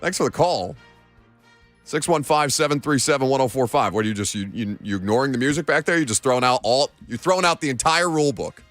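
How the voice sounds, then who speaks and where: Blunt, animated man hosting sports radio. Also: medium pitch, fast talker, no room sound, soft background music. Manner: bantering, then blunt opinionated analysis. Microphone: studio microphone.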